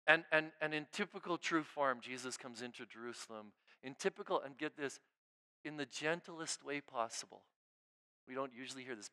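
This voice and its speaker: A male pastor preaches in a relaxed, conversational way, with a fairly high voice that sounds smooth and crisp. He checks in with the room constantly and restarts his phrases. He swings between emphatic, raised lines and near-hushed asides. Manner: informal preaching, frequent "right?" check-ins and repeated restarts. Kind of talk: conversational sermon.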